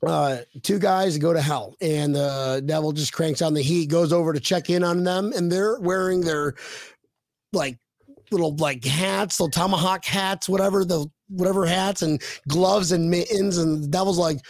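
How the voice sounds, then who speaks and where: A man's voice: on the high side, normal speed, no echo. A man co-hosting a casual sports podcast, telling rowdy jokes and swearing freely. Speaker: podcast co-host.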